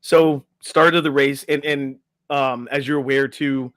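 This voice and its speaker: Animated male storyteller, dry close sound. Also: medium pitch, a little slow, dry recording. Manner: animated storyteller acting out quotes, filler "right?". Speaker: podcast guest, health and life coach. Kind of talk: casual storytelling interview.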